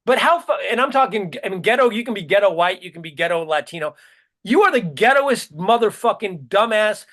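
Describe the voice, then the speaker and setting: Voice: mid-range voice, animated, fairly quick, fairly bright tone. Podcast co-host, sarcastic comic ranter, profane, mocks people with put-on voices. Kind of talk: comedic political rant.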